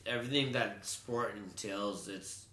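A man's voice: fairly low pitch, measured pace, pushed and bright, a little hiss or hum. A man co-hosting a casual sports chat, rambling loosely with fillers and restarts. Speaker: sports talk co-host. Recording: roomy echo.

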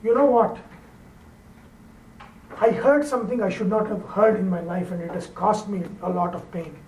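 A man voicing a sly, scheming male fox in a low, confiding tone while telling a fable. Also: steady tone, moderate pace, a little mellow, far from the mic, slight background noise. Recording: roomy echo, off-mic, faint ambience.

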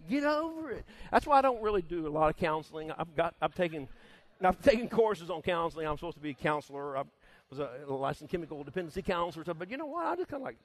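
A middle-aged man preaches in a loose, conversational sermon, his voice riding high and swinging widely in pitch. He laughs often and drops into little acted-out voices to make his point. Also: fast. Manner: laughs often, folksy and animated, acts out voices. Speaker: pastor. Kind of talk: casual sermon.

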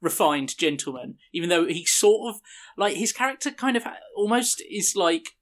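A man's voice: high voice, animated, moderate pace, a bit bright. A man co-hosting a film podcast, recapping the plot in a hesitant way full of ums and uhs. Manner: hesitant, fills with "um" and "uh". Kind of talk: casual plot summary.

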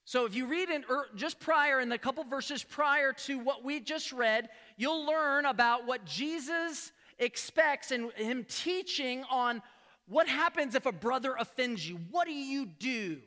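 A man preaching a sermon as pastor, telling a story with lively acted-out dialogue and frequent restarts. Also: very high-pitched, unhurried, big-room sound. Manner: animated storytelling, acts out quoted dialogue; frequent restarts and repeated words.

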